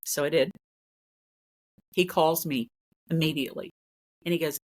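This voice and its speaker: Low-voiced woman telling a ghost story. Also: steady tone, moderate pace, pauses often, darkish tone. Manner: earnest, repeats phrases for emphasis. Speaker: paranormal investigator guest. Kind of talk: casual storytelling.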